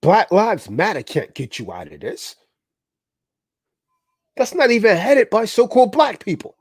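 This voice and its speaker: Man, livestream preacher; high, very lively delivery, dead-dry sound. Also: a little slow, slightly rough, dry recording. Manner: preachy, exhorting, repeats "man". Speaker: livestream host.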